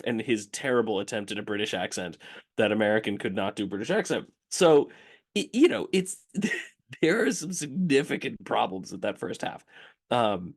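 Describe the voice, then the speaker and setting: Animated man in casual film talk. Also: fairly low pitch, moderate pace. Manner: animated, laughing, acts out quoted voices. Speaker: podcast co-host.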